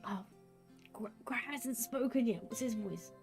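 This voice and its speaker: A woman's voice: a little high, a little slow, music in the background. A woman streaming a game, chatting in self-mocking asides and laughing at her own attempts. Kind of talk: casual gaming stream chat.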